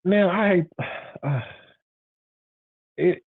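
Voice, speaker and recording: High-voiced man with tinny phone-like sound. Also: drawn-out words, vocal fry, slightly rough. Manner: rambling, repetitive, frank and emphatic. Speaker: show host. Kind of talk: casual monologue.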